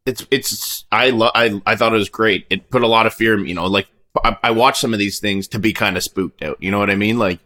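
Fast-talking profane male co-host. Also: fairly low pitch, fairly even intonation, bright, forceful tone. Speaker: podcast co-host. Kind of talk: casual chat.

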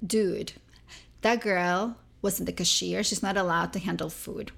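A young woman from Venezuela, a guest telling her story in a casual interview, lively and acting out the people she quotes. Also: lowish voice, measured pace, vocal fry. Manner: animated, acts out quoted people.

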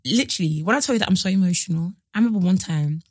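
A woman, co-hosting a casual podcast and telling stories with lively acted-out voices. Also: very fast, slightly rough, no room sound, clean studio sound. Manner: animated storytelling, acts out quoted voices with big pitch jumps. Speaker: podcast co-host. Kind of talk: casual chat.

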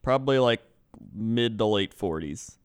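A man's voice: on the low side, lively intonation, measured pace, smooth, no echo, clean studio sound. A man co-hosting a podcast, telling a rambling story in loose casual chat. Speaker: podcast co-host.

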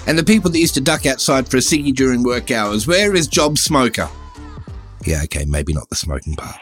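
A man's voice: mid-range voice, very animated, a little fast, fairly bright tone, faint music behind. An Australian man hosting a comedy podcast, delivering a scripted satirical monologue in a sardonic, wry way.

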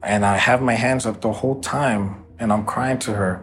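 Man, interview guest, halting speech, repeats himself, vivid personal account. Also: on the low side, fairly even intonation.

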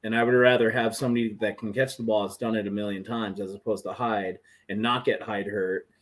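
A man's voice: lowish voice, fairly even intonation, brisk. A man guesting on a sports podcast, rambling and restarting his sentences. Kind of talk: casual sports chat.

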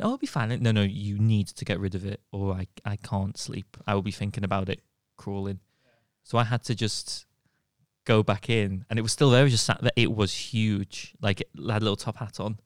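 A man's voice: fairly low pitch, normal speed, dry recording, clean studio sound. A man, co-hosting a casual comedy podcast and telling stories while laughing between lines. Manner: animated storyteller who keeps laughing mid-sentence. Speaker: podcast co-host.

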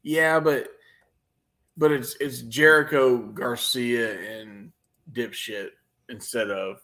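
A man co-hosting a podcast, opinionated and blunt, swearing casually in relaxed chat. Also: medium pitch, takes it slowly. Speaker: podcast co-host. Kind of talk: casual chat about wrestling.

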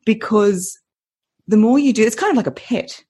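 Husky, expressive woman voice coach. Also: a little high, normal speed. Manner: expressive, laughs often, uses playful analogies. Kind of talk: podcast interview.

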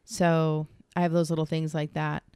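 A woman's voice: low-pitched, normal speed, clear, resonant tone, dry recording. A middle-aged woman who works as a massage therapist, chatting casually and laughing often as she talks through a questionnaire. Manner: chatty, laughs often, quotes others in lively voices. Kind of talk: casual chat, answering a questionnaire together.

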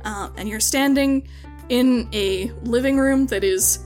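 A woman's voice: a little high, measured pace, a little mellow, faint music behind. A woman narrating a tabletop game as game master, chatty and hedging with frequent likes and ums.

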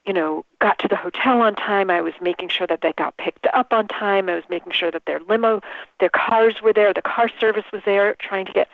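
A woman organizer telling an embarrassing story in a casual interview, animated and quick to laugh. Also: medium pitch, dry recording. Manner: animated, laughs often, restarts sentences. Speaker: event organizer, guest. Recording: tinny phone line.

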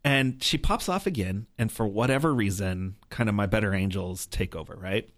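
A man's voice: lowish voice, normal speed, no echo, studio quality. A man telling a personal story as a podcast guest, earnest and reflective, often checking in with "right?". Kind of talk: conversational storytelling.

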